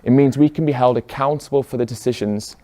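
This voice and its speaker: Before a live audience in a room, an earnest man talks fast and fires off rhetorical questions. His middle-pitched voice is steady and persuasive.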